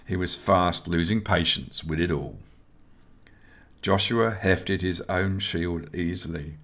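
Deep male voice reading a fantasy story aloud, steady and measured. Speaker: narrator. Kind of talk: audiobook narration.

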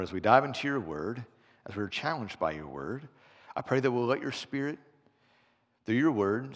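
A man preaching a conversational sermon as pastor, telling stories along the way. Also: medium pitch. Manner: animated, conversational storyteller. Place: church sanctuary. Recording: long church reverb.

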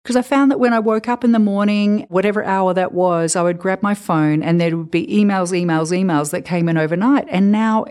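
An earnest, enthusiastic woman chats casually as the show's producer, at a middle pitch for a woman. She sometimes restarts her sentences as she goes. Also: a little fast, hardly any pauses, darkish tone, clean tone. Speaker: podcast producer. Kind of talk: casual chat.

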